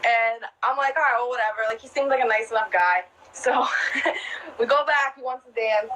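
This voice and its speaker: A woman's voice: on the high side, normal speed, pushed and bright, low-quality recording. A young woman, a club dancer, telling stories in casual chat, swearing freely, laughing often and packing her talk with fillers. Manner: profane, laughing, lots of "like" fillers. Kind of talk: casual storytelling.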